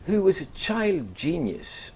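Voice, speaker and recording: A man's voice: sits high, sing-song, slow pace, creaky, noisy background. A man, a radio guest, telling a rambling anecdote full of quoted voices. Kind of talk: storytelling in a radio chat.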